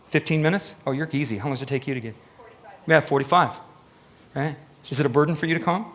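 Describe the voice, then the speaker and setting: A man's voice: a little high, quick pace, a bit bright. A man preaching a live sermon in a church, talking emphatically and questioning the congregation directly. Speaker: pastor.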